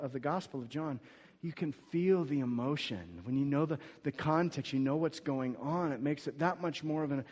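Guy preaching a sermon, goes soft then really loud and emphatic, big echoey hall. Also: fairly high pitch. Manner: swings between soft scripture reading and loud emphatic preaching. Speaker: pastor. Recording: long hall reverb.

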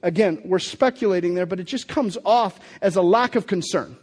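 In a large hall, a pastor preaches a sermon conversationally, posing rhetorical questions and restarting his sentences. His voice sits high with a darkish tone, and he speaks at a normal speed.

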